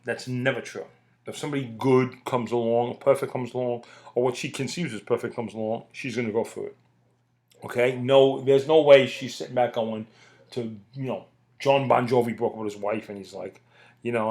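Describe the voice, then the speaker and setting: A middle-aged man holds forth in a loose, swearing rant. His voice sits at an ordinary pitch for a man. He talks bluntly and circles back to the same lines for emphasis. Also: fairly quick, gravelly. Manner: blunt, profane, emphatic, repeats points. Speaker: podcast host. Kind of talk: casual ranting monologue.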